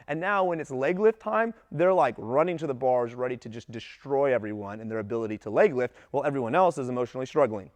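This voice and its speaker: A man coaching gymnastics coaches in a casual talk, lively and acting out what his athletes say. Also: mid-range voice, fast talker, hardly any pauses, no echo. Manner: animated, acts out athletes' voices in quotes.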